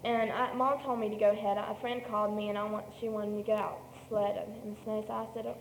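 A woman's voice: medium pitch, flat delivery, fast talker. Woman telling her story in an echoey hall. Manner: rambling storytelling, many restarts and self-corrections. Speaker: speaker sharing her story at a meeting. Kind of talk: personal testimony. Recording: echoey hall with faint background noise.

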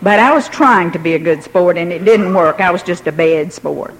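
A woman's voice: fairly low pitch, moderate pace, low-quality recording. An older woman telling a personal story in a wry, self-mocking way, laughing now and then.

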